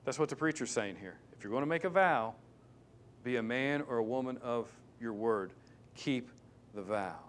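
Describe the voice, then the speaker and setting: A male pastor preaching a sermon, emphatic and repetitive, swinging between loud stresses and hushed asides. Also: mid-range voice, expressive, normal speed, slight background noise. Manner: repeats key words for stress.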